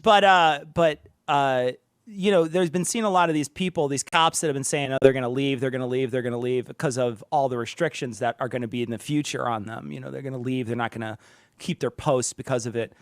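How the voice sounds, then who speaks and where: A man's voice: mid-range voice, a little fast, no room sound, clean studio sound. A man co-hosting a casual podcast chat, profane and laughing, often mimicking others. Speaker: podcast co-host.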